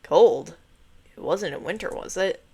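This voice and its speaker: A woman speaks for a snarky young brother who teases but cares, dry in his delivery. The voice stays lowish and plain. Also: lively intonation, measured pace, creaky, darkish tone, husky, exaggerated voice.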